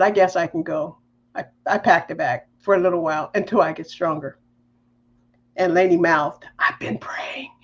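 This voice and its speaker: A woman on a podcast, telling a personal faith story in a lively, emotional way. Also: on the low side, dull audio. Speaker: podcast guest.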